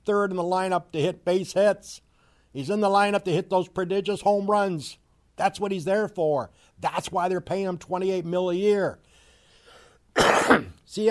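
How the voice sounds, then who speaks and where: A middle-aged man delivers a fiery sports commentary rant. His slightly high voice swings wildly, dropping to sarcastic low mutters before bursting into mocking shouts.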